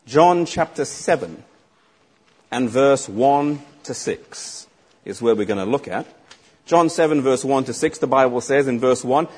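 Animated preacher, husky voice. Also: male voice, medium pitch. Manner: emphatic, asks the congregation rhetorical questions. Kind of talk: sermon.

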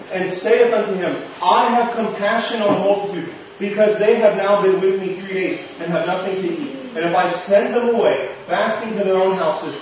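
A man's voice: sits high, slight background noise. A man preaching a sermon, reading scripture aloud and then explaining it to the listeners, whom he calls friends. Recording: very echoey room heard from a distance.

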